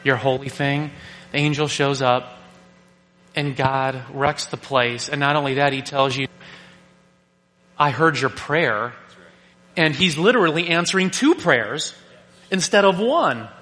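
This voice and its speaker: A male pastor preaching a sermon, animated and joking, who keeps asking rhetorical questions. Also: a little high, moderate pace. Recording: long reverb of a large hall.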